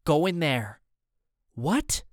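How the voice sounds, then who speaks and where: A man voicing a young male galley worker who talks in a casual, hurried way. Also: a little high, big pitch swings, no echo, studio quality, exaggerated voice.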